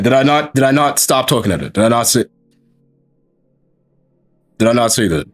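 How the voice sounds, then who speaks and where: A man's voice: mid-range voice, expressive, moderate pace, soft background music. A male streamer in casual chat, emphatic and profane, hammering his point with repeated rhetorical questions. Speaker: streamer and host.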